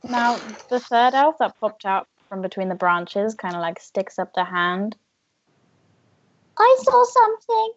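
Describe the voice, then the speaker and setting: A woman's voice: medium pitch, fairly even intonation, unhurried, few pauses, lo-fi sound, slight background noise. A woman narrating as game master, with casual, filler-heavy storytelling.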